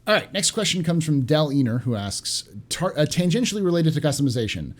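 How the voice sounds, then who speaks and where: A man hosting a casual podcast, reading out audience questions and explaining things in a measured way. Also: fairly high pitch, very animated. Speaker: podcast host.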